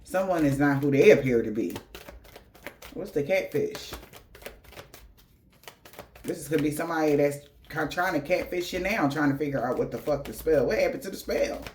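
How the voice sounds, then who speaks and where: High-voiced man giving a slangy reading. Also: animated, moderate pace, long pauses, darkish tone, slight background noise. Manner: profane, slangy, laughing storyteller. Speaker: tarot reader. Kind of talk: casual spiritual reading.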